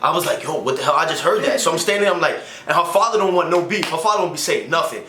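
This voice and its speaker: A young man with a fairly high voice tells a casual storytime, slangy and animated, jumping into quoted lines as he goes. He sounds like he is in an echoey room, with a faint hiss behind him. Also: very fast. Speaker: co-host telling a story.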